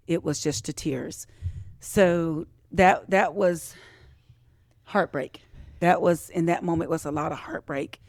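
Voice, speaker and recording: A woman tells a personal story on a podcast, and her voice carries a gravelly, crackling edge. She speaks with feeling, circling back to the same phrases and slipping into the voices of the people in her story. The sound is dry and close. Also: sits low, darkish tone, no room sound. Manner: emotional, repeats phrases, acts out quoted voices. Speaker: podcast guest.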